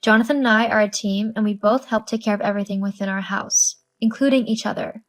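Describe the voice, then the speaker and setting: A woman's voice: medium pitch, steady tone, fast talker, close to an everyday voice. A woman voicing a tired young new mother who answers with dry sarcasm in a scripted story. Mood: firm.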